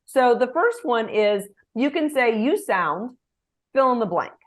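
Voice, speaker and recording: Woman, middle-aged, executive coach, fairly high voice, lively, acts out example lines. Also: measured pace. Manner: animated, gives examples with acted phrases. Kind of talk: interview answers.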